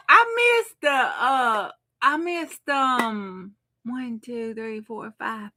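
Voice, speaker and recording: A woman's voice: fairly high pitch, lively intonation, very slow, hardly any pauses, bright, forceful tone. A middle-aged woman hosting a craft livestream, chatting casually with her viewers and laughing often. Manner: chatty, laughs often, talks back to chat.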